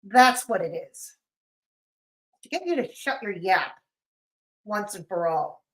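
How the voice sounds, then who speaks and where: A woman hosts a livestream with casual, sarcastic, mocking chat. Her medium-pitched voice is sing-song and slow, and it sounds a little off and sleepy.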